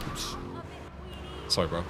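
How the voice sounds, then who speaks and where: An English game streamer from England talks slowly in a pushed, bright voice, with faint music playing behind him. He's laid-back and self-mocking, chatting casually and swearing while he plays.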